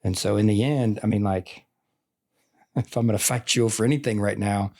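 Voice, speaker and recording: A man's voice: lowish voice, steady tone, normal speed, warm tone. A man in his forties, a veteran teacher, talking in an earnest, rambling way full of "like" and "I mean" in a casual conversation. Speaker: teacher and podcast guest.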